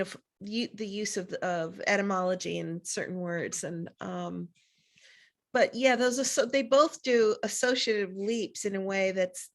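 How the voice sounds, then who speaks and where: A woman who teaches, commenting in a discussion in a halting way, searching for words. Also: mid-range voice. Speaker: teacher, audience member.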